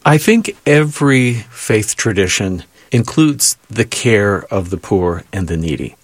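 Calm male interviewer with a lowish voice. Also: measured pace, no echo. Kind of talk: interview questions.

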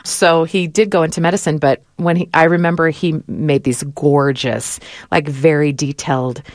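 Chatty low-voiced woman podcast host. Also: fairly even intonation, moderate pace, dry recording, studio quality. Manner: chatty, laughs often, acts out quoted voices. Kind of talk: casual chat.

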